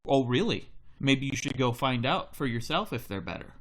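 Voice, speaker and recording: A man's voice: medium pitch, animated, moderate pace, fairly bright tone, lightly acted. Man doing a stern dad voice, lecturing his kid, firm. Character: stern middle-aged dad.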